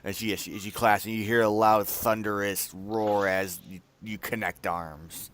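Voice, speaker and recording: A man's voice: lowish voice, fairly even intonation, normal speed, fairly bright tone, a little hiss or hum. A man narrating as game master in a tabletop game, hesitant with many fillers.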